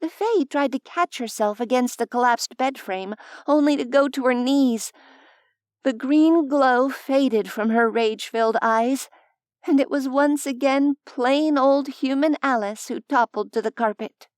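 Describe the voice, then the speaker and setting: A woman narrating an audiobook in a measured, expressive storytelling voice, close to the mic. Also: sits high, no echo.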